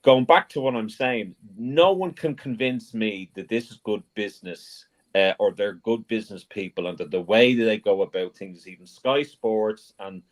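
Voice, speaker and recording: A man on a fan show arguing his point with passion and repeating it for emphasis. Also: lowish voice. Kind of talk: casual live fan-show chat.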